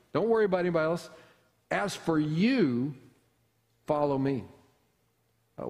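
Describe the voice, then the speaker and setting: A man's voice: mid-range voice, darkish tone. A man preaching a conversational sermon in a church, asking the congregation rhetorical questions. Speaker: pastor. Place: church sanctuary. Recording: long hall reverb.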